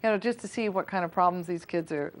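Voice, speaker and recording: Woman in her forties, low voice, chatty guest with lots of "you know"s. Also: quick pace. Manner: chatty, many fillers and restarts. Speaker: school foundation volunteer guest. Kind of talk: casual interview on local cable TV.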